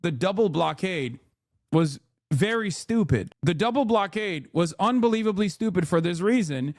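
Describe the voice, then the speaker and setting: A man's voice: high voice, lively intonation, moderate pace, no echo, clean studio sound. A young man hosting a live political stream, reading out posts and mocking them with a sarcastic, scornful manner. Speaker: political livestream host.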